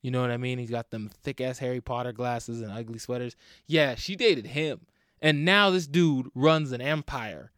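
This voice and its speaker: A man's voice: mid-range voice, moderate pace, fairly bright tone, no echo, clean studio sound. A young man, hosting a solo podcast and ranting in a rambling, profane way with lots of "like" and "man". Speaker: podcast host.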